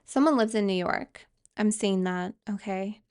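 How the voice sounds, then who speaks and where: Woman, tarot reader, smooth resonant voice, hesitant, reassuring. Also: mid-range voice, unhurried, darkish tone. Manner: hesitant, many fillers and restarts; reassuring, addresses viewers directly. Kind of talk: tarot card reading.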